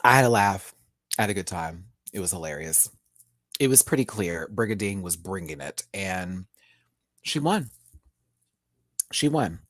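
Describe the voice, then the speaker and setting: Male reviewer, campy and sassy, with a bright voice and a very lively pitch, giving a casual live review. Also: measured pace, pauses often, no echo, studio quality. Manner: campy, sassy, laughs often. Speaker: YouTube drag show reviewer.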